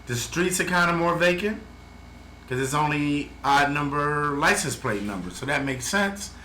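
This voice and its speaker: Man, American, travel vlogger; blunt and heated, bright forceful tone, roomy echo. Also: a little high, lively intonation, moderate pace. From United States. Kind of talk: ranting video update. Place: home in the Philippines. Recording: echoey room, faint background noise.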